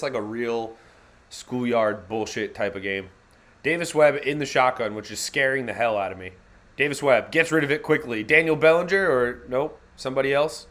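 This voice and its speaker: In a medium-pitched, slightly bright voice, a man runs a live fan reaction stream, giving play-by-play of the game with loose wisecracks, slang, and fast self-corrections.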